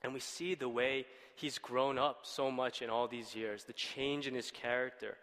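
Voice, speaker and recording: A man's voice: mid-range voice, steady tone, moderate pace, a bit bright. A man preaching casually, retelling a Bible story with rhetorical questions and light laughter. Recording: long hall reverb.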